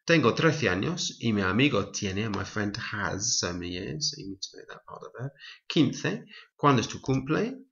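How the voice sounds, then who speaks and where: A man teaching a Spanish lesson, reading example lines slowly and explaining each step clearly. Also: on the low side, very animated, fairly bright tone, highs cut off. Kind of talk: recorded language lesson.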